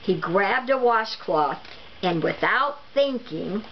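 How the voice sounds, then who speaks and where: A woman reading a children's storybook aloud with even, expressive narration. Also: mid-range voice, slow. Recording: dull lo-fi recording with faint noise.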